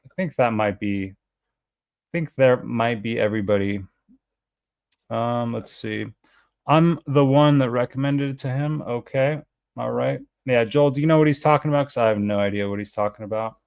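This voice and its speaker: A man's voice: mid-range voice, normal speed, vocal fry, a little mellow, clean tone, no room sound, dull audio. An American man hosting a fragrance live stream, chatting in a rambling, self-deprecating way. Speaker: fragrance channel host. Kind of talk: casual live-stream chat.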